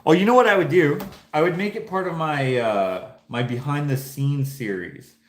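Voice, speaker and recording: This man's voice is on the high side, at a normal speed, in an echoey room. Hailing from Canada, the painter and channel host rambles casually through his vlog, thinking aloud and frequently starting over.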